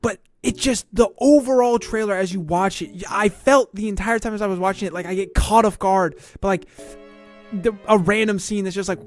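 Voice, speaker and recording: An online commentator in a casual video, excitable and stammering, firing off rhetorical questions. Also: mid-range voice, brisk, soft background music.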